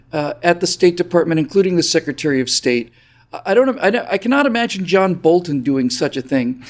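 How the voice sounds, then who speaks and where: A man as a panelist on a political talk show, talking in an emphatic, scornful way. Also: high-pitched. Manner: emphatic, scornful, mocks with mimicry.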